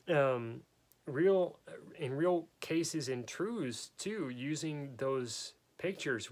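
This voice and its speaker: A man's voice: mid-range voice, creaky, fairly bright tone. Rambling man hosting a photography talk. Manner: rambling, with frequent restarts and self-corrections. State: has the hiccups. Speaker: photography podcast host. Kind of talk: casual unscripted talk.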